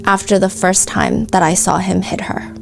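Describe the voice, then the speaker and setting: A woman's voice: mid-range voice, steady tone, normal speed, creaky. A woman hosting a true-crime podcast, reading out courtroom testimony in a casual, chatty way with frequent "like" asides. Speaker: podcast host.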